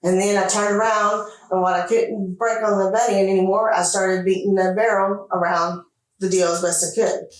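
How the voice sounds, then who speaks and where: A woman being interviewed by detectives, retelling events in an animated way, acting out what was said and swearing freely. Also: mid-range voice, moderate pace. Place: interrogation room. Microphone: distant room camera mic. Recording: echoey room picked up from far off.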